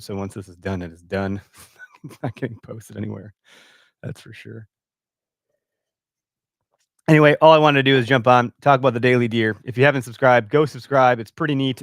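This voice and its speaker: A man's voice: mid-range voice, vocal fry, no echo, clean studio sound. A man from Wisconsin hosting a casual live stream from his home computer, a little out of breath with a stuffy nose, rambling through comments with lots of fillers. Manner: rambling, reads comments aloud, many fillers. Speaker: host of a hunting podcast. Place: home, early morning. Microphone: computer mic at home.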